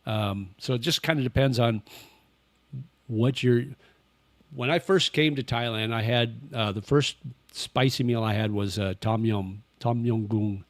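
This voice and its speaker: Speaking unhurriedly at a medium pitch, this older livestream host rambles comfortably while fielding chat questions. There's no room sound, and his microphone is a face-tracking webcam.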